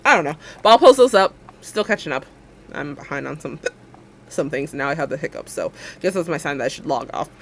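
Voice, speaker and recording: Young woman streamer, casual and playful, with a bouncy, lively voice. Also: mid-range voice. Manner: playful, affirming, quick to laugh. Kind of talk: casual livestream chat.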